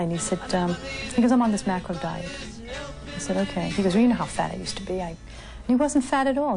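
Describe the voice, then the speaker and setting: A woman recounting personal memories in an interview, acting out what others said to her with lively shifts in voice. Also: lowish voice, creaky. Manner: acts out quoted dialogue with lively shifts. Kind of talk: candid storytelling interview.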